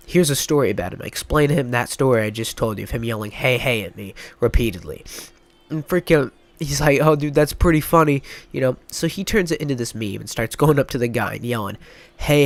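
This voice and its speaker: A man's voice: mid-range voice, no echo. A young man with a stuffy nose telling a rambling, mock-dramatic storytime vlog, full of filler words. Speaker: YouTuber.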